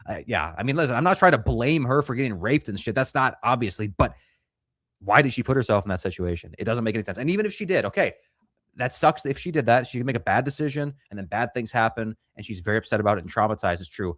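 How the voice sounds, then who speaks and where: A man co-hosting a casual livestream review, talking at a middle pitch into a close, dry mic. He is animated and swears freely, and his pitch jumps sharply whenever he acts out a scene in a mocking voice. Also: quick pace, no echo. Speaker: podcast co-host.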